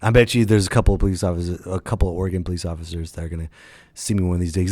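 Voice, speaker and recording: A man who is a stand-up comedian hosting his own podcast, telling road stories in a casual monologue and breaking into loud voices for the people in them. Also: low-pitched, very fast, no echo, studio quality. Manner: animated, jumps into loud impressions of others.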